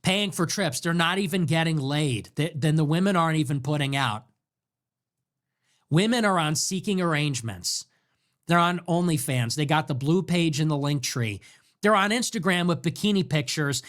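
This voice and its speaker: A man's voice: on the high side, fairly bright tone. A man hosting a live stream, ranting in a sarcastic, mocking way. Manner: sarcastic and mocking, jumps into mock voices. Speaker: political livestream host.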